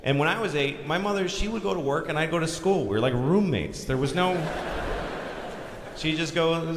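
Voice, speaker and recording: A middle-aged man doing a stand-up comedy set, telling a story with lively delivery, acting out voices and swearing freely. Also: high-pitched, normal speed. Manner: animated storytelling, acts out voices, swears a lot. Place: large theater stage. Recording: live hall recording with reverb and audience noise.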